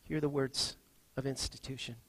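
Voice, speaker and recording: A man preaching a sermon as pastor, earnest, reading scripture and moving between hushed and emphatic lines. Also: medium pitch, steady tone, moderate pace, low-quality recording.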